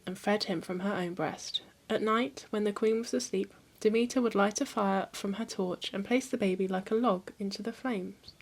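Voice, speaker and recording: A woman with a medium-pitched voice hosts a history channel, reading aloud from a mythology book. Her storytelling is calm and even.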